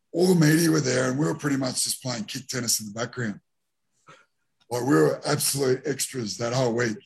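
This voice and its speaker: A man's voice: mid-range voice, gravelly, breathy edge. A middle-aged Australian man, a former rugby league player, telling rambling, self-deprecating stories in a casual interview.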